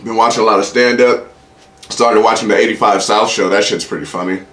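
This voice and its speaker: A comedy podcast host does a casual solo show, rambling, swearing, talking straight to his audience and acting out quoted voices. His voice is lowish, a bit bright, fairly quick, with fairly even intonation, in an echoey room with faint ambient noise.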